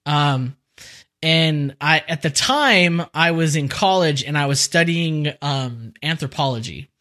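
A man's voice: a little high, slow pace, pushed and bright. A young man co-hosting a podcast, casual and rambling, laughing often between stories. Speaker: podcast co-host. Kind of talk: casual chat.

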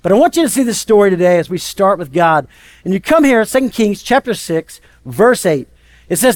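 Pastor guy preaching, kinda high voice, chatty storytelling. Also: a little fast. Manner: conversational, lively storytelling. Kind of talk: sermon.

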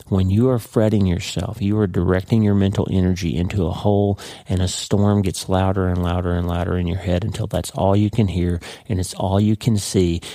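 A man hosting a devotional podcast, teaching earnestly and slowing down to stress key words. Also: low voice, warm tone, no room sound, clean studio sound. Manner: earnest, emphatic, slows down for dramatic stress.

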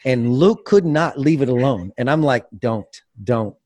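Animated storytelling man. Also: mid-range voice, a little slow, no echo. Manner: animated storyteller, acts out voices. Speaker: podcast guest. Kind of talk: casual chat.

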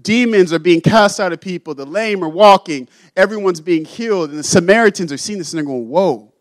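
A young man with a high voice preaches a sermon, talking to his congregation like friends and slipping into casual voices for the figures in his story. The sound is close and dry, with almost no room around it. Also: brisk, no echo, rough recording. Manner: conversational, acts out Bible figures in casual voices. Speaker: pastor.

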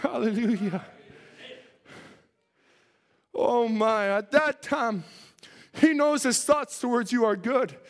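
A man's voice: very high-pitched, slow pace, long pauses, big-room sound. A man preaching a fervent sermon to his congregation, reading scripture aloud and exhorting his listeners. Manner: fervent, preachy, quoting scripture in old-style English.

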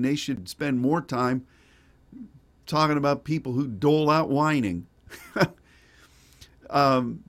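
A male pastor preaching a sermon in a folksy, digressive way with wry asides. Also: medium pitch.

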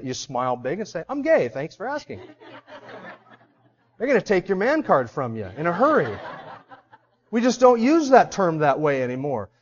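A middle-aged male pastor preaching a sermon with emphatic delivery, swinging from loud to quiet. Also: sits high, lo-fi sound.

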